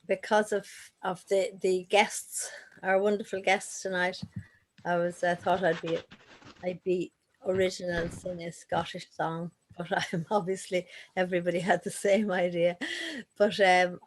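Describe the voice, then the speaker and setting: A woman, speaking chattily and a little hesitantly before singing a slow, lilting traditional folk song in an online session. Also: lowish voice, level tone, slight background noise, low-quality recording. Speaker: guest singer.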